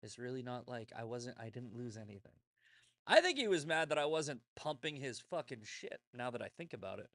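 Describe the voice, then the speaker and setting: A man's voice: medium pitch, big pitch swings, fairly quick, fairly bright tone, no echo. A man hosting his own show, talking in a blunt, rambling, profane monologue full of restarts. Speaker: show host. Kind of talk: casual monologue.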